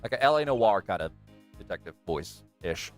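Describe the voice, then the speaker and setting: A man comments on a game he's playing in a loose, cursing ramble. His pitch swings widely, and faint game music plays behind him. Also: normal speed. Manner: animated, profane, rambling. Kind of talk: casual let's-play commentary.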